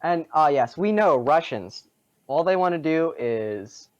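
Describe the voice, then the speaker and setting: A man co-hosting a casual gaming podcast, sarcastic and quick to laugh. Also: a little high, animated, dull audio. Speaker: podcast co-host. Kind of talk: casual chat.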